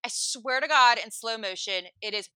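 A woman casually telling a comic story in an animated, rambling way, full of "like" and acted-out quotes. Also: fairly high pitch, normal speed, clean tone, no room sound.

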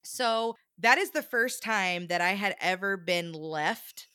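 Bright-voiced woman telling a story. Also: mid-range voice, slow pace, smooth, no echo, clean studio sound. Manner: animated, acts out quoted voices. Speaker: podcast co-host. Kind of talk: casual storytelling.

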